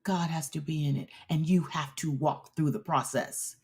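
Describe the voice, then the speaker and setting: A woman's voice: low voice, fairly even intonation, normal speed, darkish tone. A woman preaching a sermon as a show host, emphatic and repetitive as she urges on her listeners.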